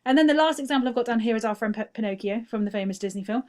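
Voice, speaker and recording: A woman's voice: fairly high pitch, very fast, a little mellow. A woman teacher talking through quiz answers in a recorded feedback lesson, explaining step by step and often checking in with "okay?".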